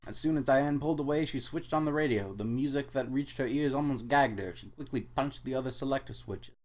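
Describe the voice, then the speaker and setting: A man hosting a mock-serious comic book reading, narrating deadpan. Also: medium pitch, fairly quick. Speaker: host and reader.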